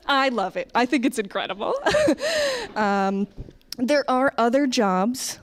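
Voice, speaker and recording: A woman's voice: a little high, unhurried. An American woman performing live stand-up comedy on a stage, talking in a chatty way with frequent "like" and "okay" asides. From United States.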